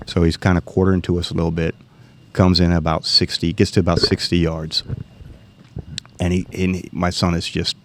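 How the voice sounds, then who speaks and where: A middle-aged man tells a story in a casual, animated way, voicing the people in it. His voice sits very low, with a rough gravelly edge. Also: fairly quick, slight background noise. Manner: animated storyteller, acts out quoted dialogue. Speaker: guest telling a hunting story.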